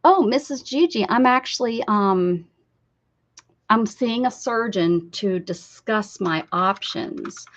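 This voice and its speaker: A woman's voice: medium pitch, lively intonation, slow pace. Chatty American woman, casual art stream, rambling and laughing, slightly dull lo-fi audio. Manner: chatty, rambling, laughs often and reads viewer comments aloud. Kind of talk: casual live-stream chat.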